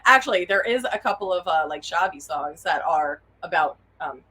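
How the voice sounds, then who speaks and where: A woman's voice: on the low side, animated, normal speed, sharp tone, breathy edge. A woman guest on a podcast, chatting casually and laughing often. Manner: giggly, chatty. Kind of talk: casual chat.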